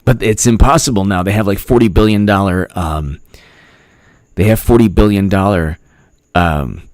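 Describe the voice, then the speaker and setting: A man hosts a casual political livestream, joking, laughing at his own lines, and thanking viewers by name. His voice is low and a little mellow, with no room sound.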